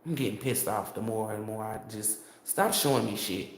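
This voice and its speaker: A man's voice: on the low side, moderate pace. A man giving a tarot reading as a heated, profane, rambling monologue to his viewers. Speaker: tarot reader. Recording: echoey room.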